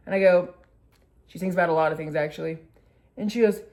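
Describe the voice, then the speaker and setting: A woman in her twenties, a vlogger casually retelling a story with lively acted quotes and lots of "like". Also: on the low side, fast talker, pauses often.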